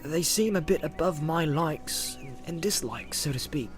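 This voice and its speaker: Guy doing a homely loyal hobbit, says sir a lot, bit higher than his own voice. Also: animated, a little slow, soft background music. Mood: warm. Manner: plain, homely, respectful with a "sir". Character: loyal male hobbit servant, plain-spoken and stubborn.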